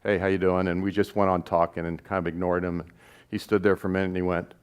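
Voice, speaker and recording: A man's voice: low-pitched, flat delivery, fast talker, clear, resonant tone. A man, a documentary filmmaker, telling an anecdote to a live audience and acting out the voices of the people in it. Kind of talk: storytelling at a live gathering. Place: stage at a live event.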